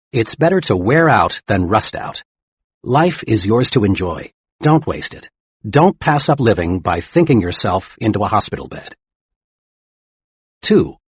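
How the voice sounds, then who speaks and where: A man narrating a self-help audiobook in a lively, emphatic reading style. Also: medium pitch, breathy edge, no echo. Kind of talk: scripted narration. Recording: dull lo-fi dry recording.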